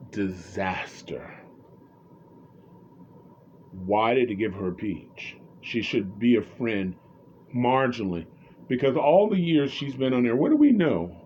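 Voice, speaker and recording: Deep-voiced man giving rambling opinions. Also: dull audio, slight background noise. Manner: rambling, opinionated, many restarts. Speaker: reality TV commentator. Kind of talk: casual opinion commentary.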